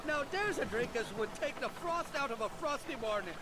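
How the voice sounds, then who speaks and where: A boozy, hammy rogue. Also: male voice, extremely high pitch, very animated, a little slow, background noise, heavily acted. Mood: boozy, jolly. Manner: hammy, theatrical, flowery talk. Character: boozy charming rogue, middle-aged man, always in trouble. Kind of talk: video game dialogue. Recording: game audio under loud music.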